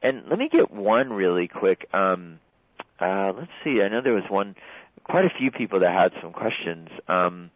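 Low-voiced man hosting a group call. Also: expressive, moderate pace, no room sound. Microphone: video call. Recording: dry, phone-like call audio.

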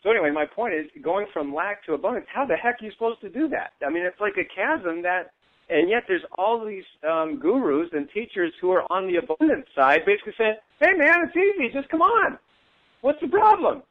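A man speaking in casual conversation as a guest. He is animated, laughs often and acts out other voices in his stories. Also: sits high, brisk. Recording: tinny phone-like audio.

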